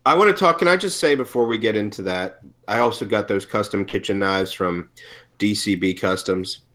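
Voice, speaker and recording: A man co-hosting a podcast in relaxed, joking casual chat. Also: lowish voice, moderate pace. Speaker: podcast co-host.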